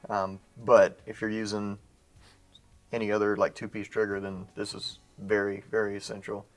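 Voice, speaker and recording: A man's voice: fairly low pitch, monotone, moderate pace, vocal fry. A man co-hosting a casual gunsmithing how-to, explaining assembly in a jokey, self-mocking way. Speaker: gunsmithing co-host. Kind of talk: casual instructional banter.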